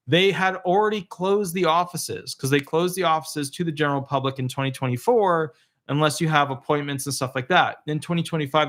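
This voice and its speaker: A man's voice: a little high, a bit bright. A middle-aged man, a disability attorney, explaining benefit changes in a rambling, casual way and breaking off to coo at his dog.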